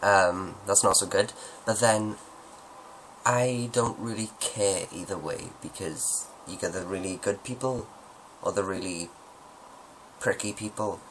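A man's voice: sits low, measured pace, a bit bright, slight background noise, low-quality recording. A man answering viewer questions at home in a rambling, joking, self-deprecating way. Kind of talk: casual Q&A monologue.

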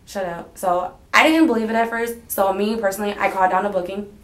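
A woman's voice: mid-range voice, fairly even intonation, fast, fairly bright tone. A woman in her twenties being questioned by police, telling her story in a rambling, hesitant way. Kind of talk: police interview. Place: police interview room. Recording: roomy archival interview recording.

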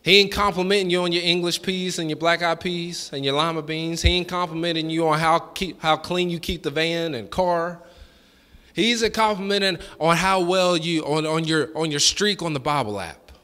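High, bright-voiced man preaching a sermon. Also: normal speed, long reverb tail. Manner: call-and-response preaching, building to fervent shouting; folksy, colloquial phrasing. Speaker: pastor. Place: church sanctuary.

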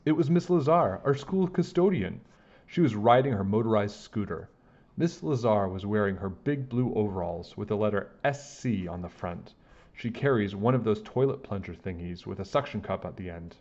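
A man reading a children's chapter book aloud, with animated, expressive storytelling. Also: lowish voice, muffled recording. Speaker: storybook reader.

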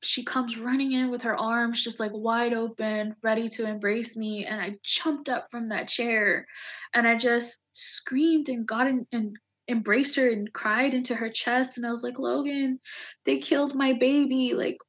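A woman in her thirties, an Army veteran, telling a personal story in an interview in a halting, emotional way, full of fillers and restarts. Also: on the high side, steady tone, a bit bright.

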